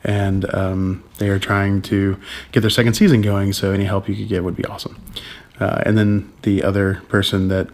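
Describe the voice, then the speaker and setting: A man's voice: on the low side, flat delivery, normal speed, a little mellow. A man co-hosting a casual home vlog with an accent-neutral voice, rambling with ums and restarts and chuckling as he talks. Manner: rambling, laughs while talking, frequent ums and restarts; keeps voice down so as not to wake a baby. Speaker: vlog co-host. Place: home at night.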